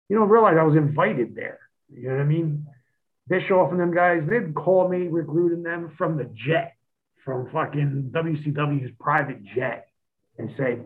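A man calls in over a thin, tinny phone line. He speaks a bit high for a man and tells rough stories with heavy cursing. He acts out his old arguments in quotes. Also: normal speed. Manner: profane, animated storytelling, acts out his own past lines. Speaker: guest, former pro wrestler. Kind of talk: casual podcast chat.

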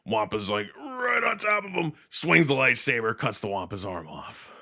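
Animated young man recapping a film. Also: mid-range voice, normal speed, vocal fry. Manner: animated, swearing, acting out lines in funny voices. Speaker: podcast host recapping a film. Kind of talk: casual chat.

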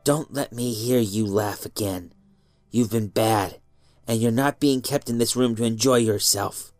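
A man's voice: unhurried, darkish tone, no room sound, clean studio sound, soft background music, natural voice. Man doing a hissing, cold stepmother. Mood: angry whisper. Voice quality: shrill under the whisper. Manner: hissing angry whisper. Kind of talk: storybook reading.

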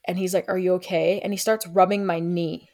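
A young woman tells a story on a casual chat show, slipping into quick impressions of the people in it. Her voice sits low for a woman, and she curses freely as she goes. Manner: animated, acts out quotes of others. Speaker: guest storyteller. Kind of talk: casual storytelling with heavy swearing.

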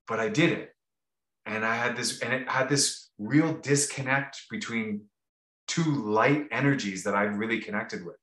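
This podcast co-host, a man with a mid-range, fairly bright voice, rambles casually through a story, restarting often and leaning on fillers. There's a roomy echo on the audio.

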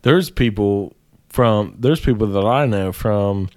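Man, podcast co-host, slow relaxed pace, salty storyteller, dry mic. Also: fairly low pitch, no echo. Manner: swearing storyteller, laughs often. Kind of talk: casual chat.

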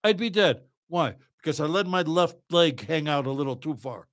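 A man in his seventies, a podcast guest, telling lively stories with lots of laughing and swearing. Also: a little high, normal speed. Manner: animated, laughs often, swears freely. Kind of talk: casual storytelling.

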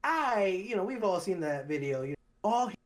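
A young man spins a story for his podcast co-hosts, his pitch leaping around as he acts out what people said. The talk is loose and casual. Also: fairly quick. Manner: animated storyteller, acts out quotes in high voice. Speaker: podcast co-host.

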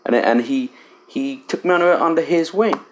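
A middle-aged English man, a fly casting instructor, telling an animated, self-deprecating story in a casual interview in a cabin. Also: on the high side, normal speed. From England. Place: riverside cabin.

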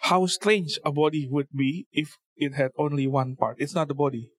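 A man's voice: fairly high pitch, normal speed, no room sound. A man giving an informal church talk with scripture reading, speaking conversationally with many fillers and repeated words. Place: church service venue.

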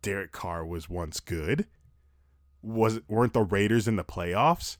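A young man hosting a casual football recap podcast, talking fast, animated and profane, breathing heavily into a close mic. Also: fairly low pitch, no room sound. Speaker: sports podcast host.

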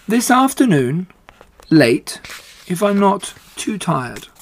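A man's voice: high-pitched, big pitch swings, takes it slowly, pitched above the performer's own voice, heavily acted. A man voicing a kind, weary female spider who speaks politely and a little dryly. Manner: polite, slightly dry, tired.

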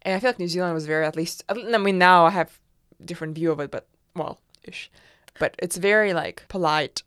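A young woman from Kazakhstan telling her story in a casual interview, chatty, with lots of fillers and lively quoted voices. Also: fairly low pitch, a little fast, clean tone, no echo, studio quality. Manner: chatty storyteller, many fillers, laughs often, animated quoting. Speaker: interview guest.

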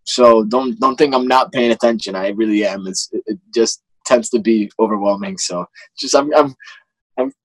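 Young man, guest actor, earnest, halting restarts, dry close sound. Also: lowish voice, no echo, rough recording. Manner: earnest, halting, many restarts and "you know". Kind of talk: casual interview chat.

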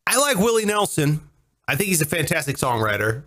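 A man's voice: on the high side, sing-song, a little fast, fairly bright tone. A man from Ohio co-hosting a podcast, talking in a loose, profane, ranting way. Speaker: podcast co-host. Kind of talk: casual chat.

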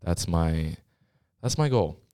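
A young man with a very low voice talks casually into a studio microphone, rambling and restarting his sentences. He keeps running short of breath between quick bursts of talk. The sound is dry and close, with no room echo. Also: lively intonation, mellow, clean tone. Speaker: podcast host. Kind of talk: casual solo podcast chat. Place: small school podcast studio.

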